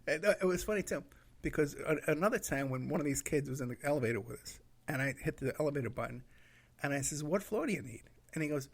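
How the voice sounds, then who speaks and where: A man's voice: a little high, big pitch swings, a little fast, gravelly, breathy edge. A man telling a rambling road trip story in a casual way, laughing at his own anecdotes and acting out what people said.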